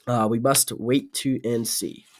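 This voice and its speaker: A man voicing a short, fat, older officer, fatherly and weary, speaking quietly and clearly in halting phrases. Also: medium pitch, fairly even intonation, slight background noise, lightly acted. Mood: reassuring.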